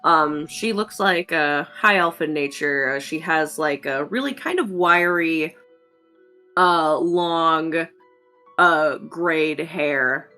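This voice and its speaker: Game master, woman, lowish voice, bright and forceful, chatty narration. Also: takes it slowly, faint music behind. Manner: chatty, many "um"s and "like"s.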